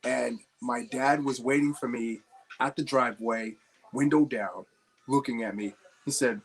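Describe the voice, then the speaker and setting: A man's voice: mid-range voice, steady tone, a little slow, breathy edge. A young man from New Jersey hosting a casual livestream, chatting with viewers and telling rambling stories while he builds. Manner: rambling anecdotal storyteller, chats with viewers. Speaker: livestream host.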